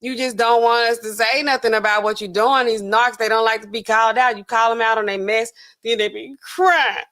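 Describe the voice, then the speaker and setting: A woman hosting a casual livestream, reacting to news clips and talking straight to her chat in relaxed slangy speech. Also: a little high, brisk. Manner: chatty and animated, talking straight to chat viewers; relaxed slangy speech with frequent filler words.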